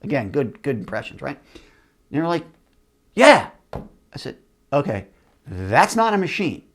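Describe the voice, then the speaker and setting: A man's voice: mid-range voice, normal speed. A middle-aged man hosting a show, telling a story from his career in a casual monologue and acting out the other people in it. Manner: animated, acts out other people's voices. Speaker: host, company CEO.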